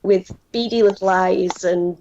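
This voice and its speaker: A woman narrates a tabletop game as game master. She speaks slowly and haltingly, with many fillers. The recording is muffled and lo-fi. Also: medium pitch, fairly even intonation, mellow, slight background noise. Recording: dull lo-fi sound.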